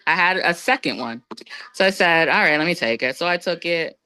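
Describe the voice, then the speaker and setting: Lower-pitched woman telling a story animatedly. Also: brisk, no echo. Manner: lively, acts out quoted voices with big pitch jumps. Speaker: podcast guest. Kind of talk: casual storytelling.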